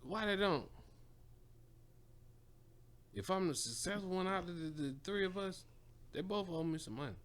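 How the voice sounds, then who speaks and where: A man's voice: sits high, animated, brisk, a bit bright. A man co-hosting a podcast, chatting casually with playful bragging. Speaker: podcast co-host. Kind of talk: casual chat.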